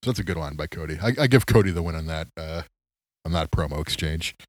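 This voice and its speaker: A man's voice: a bass voice, fast talker, no room sound. A man hosting a solo podcast, chatting casually about sports late at night, rambling and self-mocking, tired and yawning. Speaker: podcast host.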